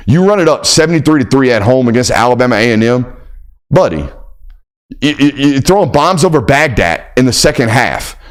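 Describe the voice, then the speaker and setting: A male host on a college football reaction livestream, talking in a blunt, emphatic and profane way and hammering home repeated punchlines. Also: on the high side. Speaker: sports show host.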